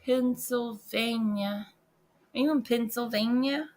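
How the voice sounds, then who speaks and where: A woman hosting a casual livestream, excitable and chatty, jumping from loud exclamations to quiet muttering. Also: fairly high pitch, takes it slowly. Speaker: livestream host.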